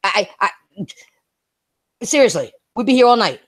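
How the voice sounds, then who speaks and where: A woman's voice: on the high side, very animated, a little slow. A woman hosting a casual gaming talk stream, brash and profane, laughing hard and repeating herself. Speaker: streamer and podcast host.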